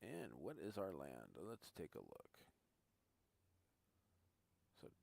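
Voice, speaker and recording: A man's voice: sits low, huge pitch swings, normal speed, vocal fry, a little mellow, breathy edge. A man chatting casually with viewers while he tours a farming game live, thinking aloud as he goes. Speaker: gaming streamer. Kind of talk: casual live-stream commentary.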